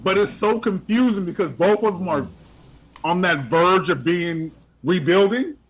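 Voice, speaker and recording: High-voiced man giving football picks. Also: lively intonation, a little slow, slight background noise, rough recording. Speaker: panelist. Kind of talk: sports picks chat.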